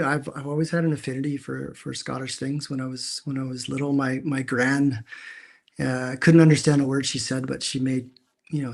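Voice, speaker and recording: A Canadian man with a mid-range voice and vocal fry co-hosts a casual chat over a video call from a dim room at home. He's an animated storyteller who restarts his sentences a lot.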